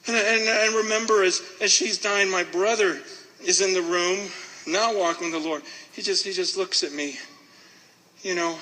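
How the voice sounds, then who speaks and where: A man's voice: sits high, fairly even intonation, moderate pace, sharp tone. A man preaching a sermon, telling a story in an impassioned, emotional way with stammering restarts. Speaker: pastor. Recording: long hall reverb.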